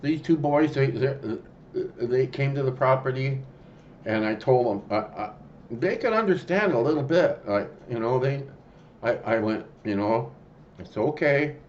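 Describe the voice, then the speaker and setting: Man, casual storyteller, mid-pitched voice, halting and rambling, faint background hiss. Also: a little mellow, dull audio. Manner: rambling, halting, with many restarts and fillers.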